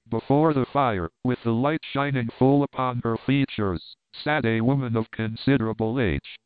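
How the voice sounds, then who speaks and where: A man reads an audiobook in a measured, formal way, his voice smooth and clear. The sound is thin and phone-like and dry, with a mid-range pitch. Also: no echo. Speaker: narrator. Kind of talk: audiobook narration.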